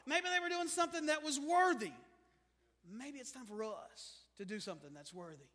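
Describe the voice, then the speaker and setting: High-voiced preacher in a reverberant hall. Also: male voice, moderate pace. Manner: animated, swings from quiet to loud. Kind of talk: sermon. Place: church sanctuary.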